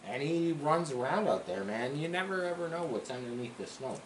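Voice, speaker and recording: A man's voice: a little high, expressive, normal speed. A man casually hosting a workshop vlog from his home garage, rambling with lots of fillers. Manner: rambling, filler-heavy, chatty. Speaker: car builder hosting his workshop channel. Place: home garage with a wood stove. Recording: echoey garage with faint background noise.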